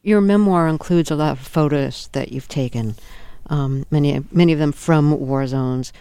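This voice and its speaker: A woman hosting a radio interview, asking questions in a calm and curious way. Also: deep voice, normal speed, smooth, no room sound.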